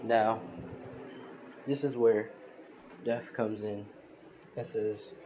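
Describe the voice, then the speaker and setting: Rambling young man, low voice, noisy phone recording. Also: fairly even intonation, very slow, pauses often, a little mellow. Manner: rambling, heavy on fillers and self-corrections. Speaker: fan storyteller. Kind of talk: casual retelling of a fan story. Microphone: phone screen recorder.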